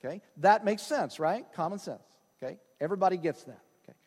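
Animated pastor preaching. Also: male voice, high-pitched, fast, husky. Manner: animated, emphatic, repeats phrases for stress. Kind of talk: sermon. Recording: long hall reverb.

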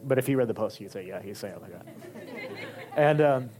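A male pastor preaching a sermon in a conversational, animated way, with emphatic peaks. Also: on the low side, fairly quick, faint music behind, a faint crowd.

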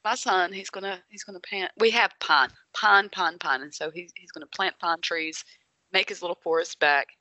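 A woman's voice: on the low side, steady tone, normal speed, sharp tone, no room sound. A woman in her thirties co-hosting a casual chat, playful and teasing, laughing often.

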